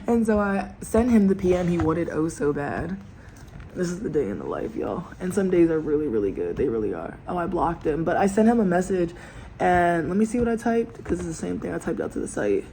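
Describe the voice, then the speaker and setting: A woman's voice: lowish voice, fairly quick, slight background noise, low-quality recording. A woman vlogging at home with her camera propped up, ranting casually and talking straight to her viewers with slang and laughs. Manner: lively, laughs while ranting. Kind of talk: casual chatty vlog storytime. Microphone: camera propped in front.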